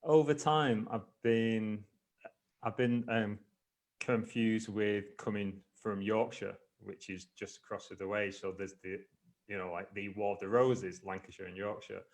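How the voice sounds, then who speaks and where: Man, mild Mancunian accent, lowish voice, halting with restarts, interview guest on a video call. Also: steady tone. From Manchester, England. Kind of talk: conversational interview.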